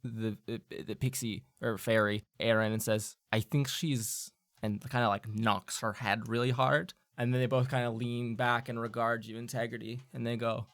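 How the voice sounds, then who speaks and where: A man acting as game master, narrating a tabletop game in a halting, filler-heavy way. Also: mid-range voice, level tone, fairly bright tone, clean tone, no echo, studio quality.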